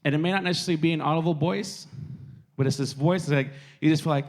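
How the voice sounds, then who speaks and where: A man's voice: fairly high pitch, fast. A man giving a casual sermon to young people, talking conversationally and repeating phrases for emphasis. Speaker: youth preacher.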